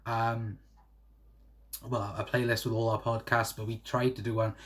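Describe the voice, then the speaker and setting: A man's voice: medium pitch, little pitch movement, moderate pace, a bit bright. A young man hosting a fan livestream, chatting casually with lots of fillers and calling viewers guys. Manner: rambling, many fillers, addresses viewers as guys. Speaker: fan channel host.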